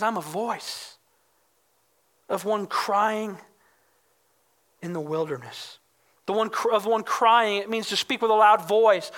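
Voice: medium pitch, fairly bright tone. A pastor preaching a sermon in an emphatic way, often calling the listeners "guys" and acting out the quoted questions in a raised voice.

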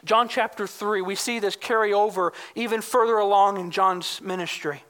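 Bright-voiced emphatic preacher. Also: medium pitch, steady tone, moderate pace. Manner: emphatic, explanatory, reads scripture aloud. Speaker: pastor. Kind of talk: sermon.

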